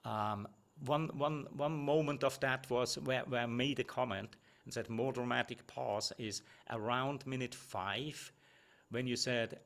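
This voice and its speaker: A man's voice: mid-range voice, measured pace, gravelly, a bit bright. A middle-aged man giving one-on-one feedback as a presentation coach, talking conversationally with frequent tag questions and restarts.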